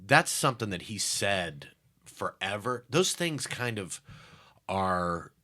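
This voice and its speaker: A man's voice: lowish voice, slow pace. A middle-aged man, a comedian, telling stories in a casual interview and acting out the people in them. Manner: animated storyteller who acts out quotes. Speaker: comedian guest.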